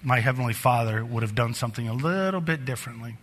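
A middle-aged man preaching a sermon in a church, telling personal stories in an animated way that climbs higher and louder as the story builds. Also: quick pace. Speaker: pastor. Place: church sanctuary. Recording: long hall reverb.

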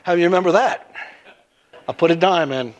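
High-voiced preacher telling a story. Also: male voice, a little fast. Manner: animated storytelling with acted-out voices. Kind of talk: storytelling sermon.

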